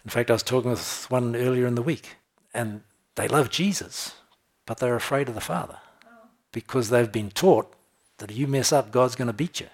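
Emphatic male preacher reading scripture. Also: medium pitch. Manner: emphatic scripture reading with slowed stressed phrases; conversational asides with soft laughs. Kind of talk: sermon.

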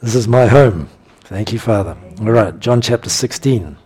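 A man preaching a sermon, his voice husky and sitting a little low. He works through scripture verses one by one and breaks into emphatic, animated bursts with chuckles. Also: normal speed. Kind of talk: sermon teaching.

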